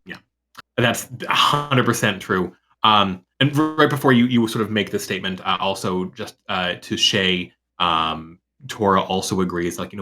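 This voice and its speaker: Brief: male game master, low voice, casual halting narration. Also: sharp tone.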